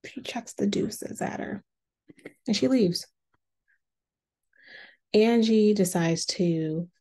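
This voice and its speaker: Chatty woman host with a dark, gravelly voice for a reality TV recap. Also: mid-range voice, slow, pauses often. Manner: chatty, acts out quotes in a lively voice. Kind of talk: casual recap commentary.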